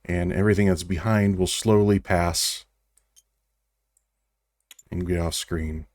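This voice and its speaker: Deep-voiced man running a tabletop game. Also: slow pace, no room sound, studio quality. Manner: relaxed, wry narration with small restarts. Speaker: game master.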